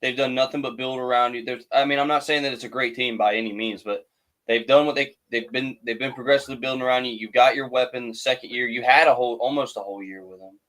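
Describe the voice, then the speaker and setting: A man's voice: medium pitch, fairly even intonation, fast talker, fairly bright tone, low-quality recording. A man co-hosting a sports podcast, blunt and profane, ranting emphatically in casual chat. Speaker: podcast co-host.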